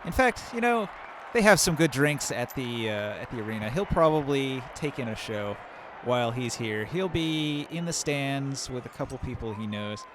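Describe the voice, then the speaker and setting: A man's voice: mid-range voice, animated, normal speed, few pauses, a crowd in the background. A man narrating as game master for a live-streamed tabletop game, setting scenes loosely with fillers. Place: home setup on a live stream. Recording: noticeable background noise.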